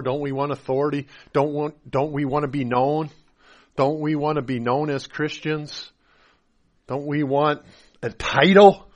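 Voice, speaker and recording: A pastor delivering a sermon, his voice sitting a little higher than most men's. He swings between booming emphasis and soft, confessional asides, acting out the people he quotes along the way.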